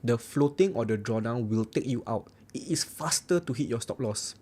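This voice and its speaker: A young man with a Singaporean English accent hosts a casual livestream. His voice is mellow and dark at a middle pitch. He talks in a blunt, joking way and keeps saying "right.". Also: animated, normal speed. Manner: chatty, repeats "right" often, blunt and joking. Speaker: forex trading livestream host. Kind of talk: casual livestream chat reading viewer comments.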